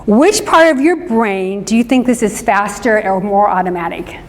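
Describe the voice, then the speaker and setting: A woman's voice: medium pitch, moderate pace, a little hiss or hum. A woman, giving a conversational talk to a live group and often checking in with "right?". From American Midwest. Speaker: speaker on forgiveness, counselor. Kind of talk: interactive lecture to a live group. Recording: long reverb of a hall.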